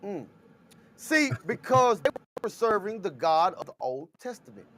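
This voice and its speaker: A man co-hosting a casual talk show, retelling scripture scenes in an animated, storytelling way. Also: high-pitched, measured pace, slight background noise. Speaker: co-host.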